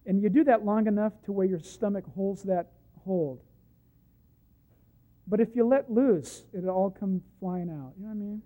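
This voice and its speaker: High-voiced male preacher, muffled recording. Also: normal speed. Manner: emphatic, swings from hushed to loud; acts out the Bible quotes he tells. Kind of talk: sermon.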